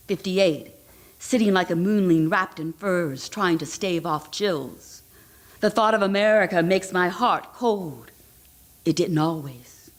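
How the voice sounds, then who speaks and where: A woman voicing a dying German woman writer in her fifties, with a German accent and crisp, sharp consonants. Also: on the low side. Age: 50s.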